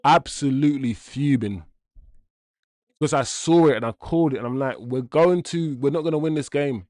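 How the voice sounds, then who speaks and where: A young man streaming a live football watchalong, talking to viewers in slang and swinging between mutters and loud outbursts. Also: mid-range voice, normal speed, no room sound, clean studio sound. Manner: loud swings from groans to shouts, slang-heavy.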